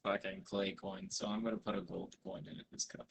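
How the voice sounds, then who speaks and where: A man's voice: sits low, flat delivery, a little fast, gravelly, husky. A man playing in a tabletop game, casual and swearing now and then. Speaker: player.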